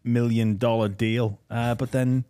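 A man's voice: medium pitch, steady tone, measured pace, dark tone, clear, resonant tone. A man hosting a sports podcast in casual chat, trading dry, joking banter. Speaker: podcast host.

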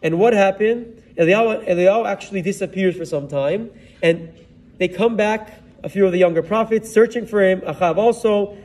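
High-voiced rabbi telling a story. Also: male voice, normal speed, darkish tone, far from the mic. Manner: storyteller mixing in Hebrew terms and verses. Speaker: rabbi giving a Torah talk. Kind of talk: retelling a Bible story in a sermon.

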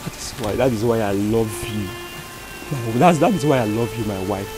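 An actor playing a worried, broke young boyfriend who pleads and flatters his girlfriend. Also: on the low side, a little fast, lightly acted, poor audio. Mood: pleading. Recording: background film music.

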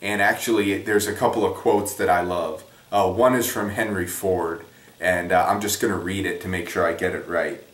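A man with a low voice talks through basic economics in a loose, conversational way, wandering off on tangents and poking fun at himself. He sits well back from the microphone in an echoey room, so his voice sounds roomy and a little distant. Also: fairly even intonation, normal speed, a bit bright. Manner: conversational, rambling, self-deprecating. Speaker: economics explainer. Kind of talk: casual spoken lesson.

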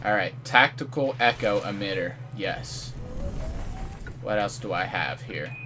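A man giving live commentary over his own online shooter match, excitable and mock-outraged, trash-talking opponents. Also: lowish voice, a little slow, noisy background. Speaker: gameplay commentator.

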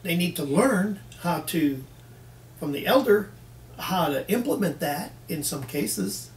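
A man's voice: high-pitched, lively intonation, slow. A man preaching a folksy sermon who acts out both sides of little dialogues with the congregation. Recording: echoey room, mic at a distance, faint background hiss.

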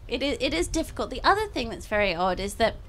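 A woman's voice: a little high, very animated, quick pace, fairly bright tone, slight background noise. A young woman author with a mixed British and American accent, answering questions at a bookshop event in a chatty, self-deprecating way with many fillers. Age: young adult. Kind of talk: talk Q&A answers.

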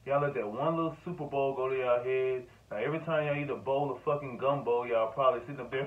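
A man's voice: medium pitch, fast, few pauses. Rambling man, tinny distant sound. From Louisiana. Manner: rambling, profane, talks straight to camera. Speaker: sports vlogger. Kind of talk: casual sports rant to camera.

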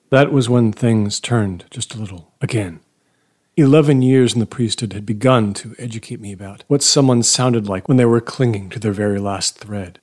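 A man reading first-person horror fiction aloud in a measured, low-key way, often dropping to near-whispers. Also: breathy edge. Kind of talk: first-person story narration.

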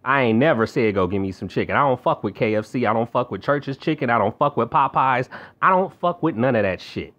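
A man's voice: mid-range voice, fairly quick, fairly bright tone. A young man, venting angrily and profanely in a rant to camera. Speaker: vlogger. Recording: slightly dull lo-fi audio.

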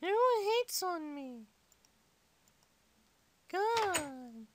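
A performer voicing a squeaky little kid gamer who chatters and complains while playing. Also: very animated, very slow, background noise, full character voice. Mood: chatty. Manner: chatty, complains to itself, mumbles while sorting items. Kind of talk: game playthrough commentary in character.

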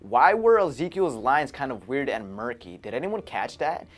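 Animated young-sounding man reviewing a movie. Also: medium pitch, moderate pace. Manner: animated, chuckling between remarks, conversational. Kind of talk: casual movie review commentary.

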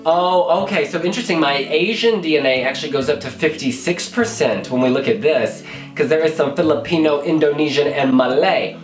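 An American man, a blogger, reacting in a casual vlog with animated exclamations and calling the viewer honey. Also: fairly high pitch, brisk. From United States. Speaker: Eurovision blogger. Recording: roomy echo with faint music.

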